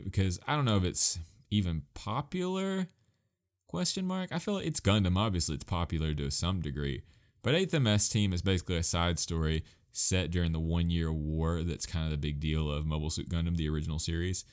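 A man with a deep, low voice talks casually as a host. He rambles, poking fun at himself and laughing now and then. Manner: rambling, self-mocking, laughs often. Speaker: podcast host recommending anime. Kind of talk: casual talk.

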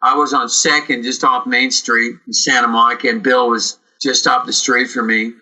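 Guy rambling thru old acting stories, lots of um and uh, super bright edgy voice. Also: medium pitch, moderate pace, low-quality recording. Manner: rambling, animated, many fillers and restarts. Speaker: actor, guest. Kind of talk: casual storytelling interview.

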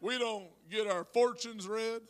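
High-voiced preaching pastor. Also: male voice, fairly even intonation, measured pace. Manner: rising to shouted preaching; talks to congregation with asides. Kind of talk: sermon.

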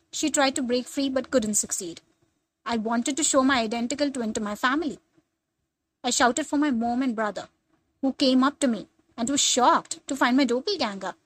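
A young woman tells a scripted first-person story with dramatic, suspenseful pacing. Her voice is high and bright in tone. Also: moderate pace, low-quality recording. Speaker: narrator.

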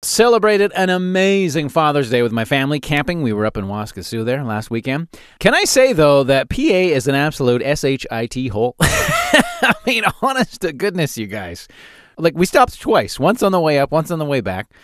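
A man's voice: a little high, moderate pace, no echo, studio quality. A man in his forties hosting a solo podcast, telling funny stories with lots of laughter. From Calgary, Canada. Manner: animated, laughs often at his own stories. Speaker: podcast host. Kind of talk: solo comedic storytelling podcast.

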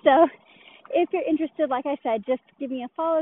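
A woman's voice: sits high, a little fast. Breathless woman talking while walking. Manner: friendly self-introduction, walking while talking. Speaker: fitness enthusiast and podcaster. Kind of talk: casual podcast message. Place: outdoors walking home from the gym. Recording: tinny phone-like audio with faint noise.

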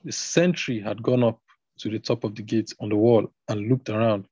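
A man's voice: on the low side, steady tone, moderate pace, dark tone, slightly rough, no echo. A man reading scripture aloud in a plain manner, stopping now and then to reread a passage. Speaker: scripture reader. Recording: dull, slightly lo-fi recording.

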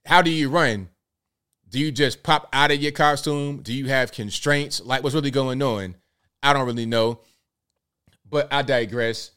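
A male host of a live commentary show, talking in an animated way and firing off rhetorical questions. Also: medium pitch, unhurried, clear, resonant tone.

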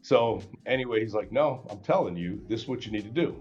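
A man guest on a podcast, telling a story in a casual, animated way and acting out the dialogue with many restarts. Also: fairly low pitch, brisk, muffled recording, faint music behind.

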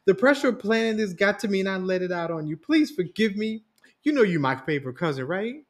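A man reading a story voices a young woman, a stressed bride pleading with her cousin in a raised, quick voice. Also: expressive, natural voice. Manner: high, pleading and fast.

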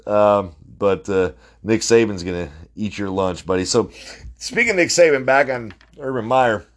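A man's voice: fairly low pitch, normal speed. A man in his forties hosting a casual sports podcast, talking bluntly in a rambling way with lots of fillers, restarts and the odd swear word. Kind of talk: casual sports opinion monologue.

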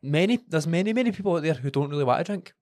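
A man's voice: a little high, lively intonation, very fast, darkish tone, no room sound, studio quality. A man with a Scottish accent co-hosting a podcast, chatting frankly, swearing freely, and agreeing often. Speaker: podcast co-host. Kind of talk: casual podcast chat.

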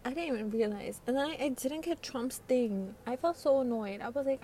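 This teen host's voice sits high and warm, and she talks briskly with hardly any pauses. Stuffed up from a cold, she delivers a loose, giggly late-night podcast monologue by a nighttime window, peppered with slang and swearing, with a faint hiss behind her.

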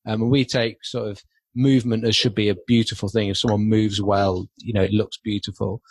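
A man's voice: fairly low pitch, flat delivery, a little fast, breathy edge, no room sound. A man who coaches calisthenics, a guest on a podcast, explaining his work in a friendly way with frequent ums. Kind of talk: casual podcast interview.

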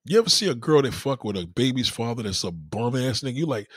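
A man talking casually as a host, his voice slightly husky and set in a dry, close recording. He rants in a loose, profane way, and his pitch leaps around as he acts out the people in his stories. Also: fast talker, no echo. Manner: animated, profane storytelling with mock-quoted voices. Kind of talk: casual chat.

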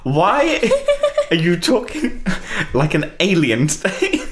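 A co-host in a casual chat who teases the other speaker with dry, deadpan one-liners. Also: mid-range voice, slow pace. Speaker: podcast co-host. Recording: roomy, echoey sound.

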